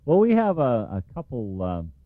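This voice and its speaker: A man's voice: mid-range voice, huge pitch swings, moderate pace. Radio host man, tinny phone sound. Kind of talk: radio interview.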